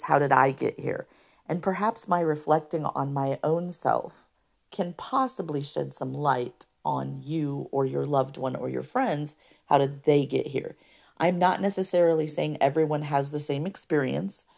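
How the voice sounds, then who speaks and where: Rough-voiced, gravelly low woman. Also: darkish tone. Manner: earnest, faith-filled, unscripted, with throat clearing. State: rough voice from allergies. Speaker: podcast host. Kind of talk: personal testimony podcast.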